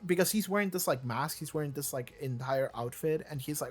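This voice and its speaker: A man's voice: a little high, a little fast, few pauses, slightly rough. A man hosting a reaction video, rambling through casual commentary with lots of fillers, restarts and casual swearing.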